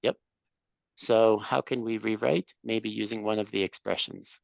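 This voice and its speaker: Gravelly male English teacher. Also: on the low side, fairly even intonation, a little slow, no room sound, dull audio. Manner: patient, explains and corrects, rises on praise. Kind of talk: classroom teaching.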